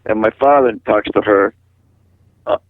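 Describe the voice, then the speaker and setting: A man's voice: lowish voice, normal speed, no room sound. An older man from Massachusetts talks over a tinny, dry phone line, voice squeezed thin by the call. He rambles through stories and slips into the voices of the people he quotes. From Massachusetts, USA. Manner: animated storyteller who acts out quoted voices. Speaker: interviewee, musician. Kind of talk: rambling storytelling in a phone interview.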